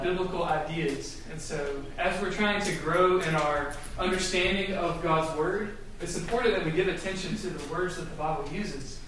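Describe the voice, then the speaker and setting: A man's voice: high-pitched, fairly bright tone, slight background noise. A man leading a Bible study class, talking loosely with many fillers and restarts as he explains to a group. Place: echoey room with a group. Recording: very echoey room, mic far off.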